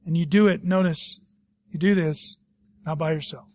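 Man, middle-aged, pastor, sermon, high voice, dry close sound, animated storytelling, loud-to-hushed swings. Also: moderate pace, dry recording.

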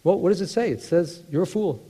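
A man's voice: high-pitched, lively intonation, a little fast, dark tone. Man preaching a Bible talk in a reverberant space. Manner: conversational, with many restarts and acted asides. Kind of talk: Bible teaching sermon.

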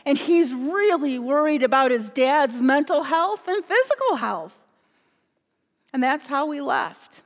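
A woman retelling a parable as a first-person story, in an animated, emotional way. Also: very high-pitched. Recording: long hall reverb.

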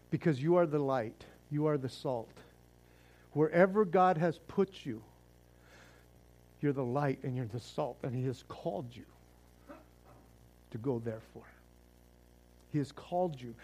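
A man's voice: a little high, mellow. A man preaching a sermon as pastor, fervent and casual, often repeating words as he restarts.

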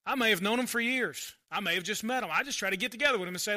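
A male pastor preaching a conversational sermon, swinging between loud emphasis and quiet asides. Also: high voice, very fast.

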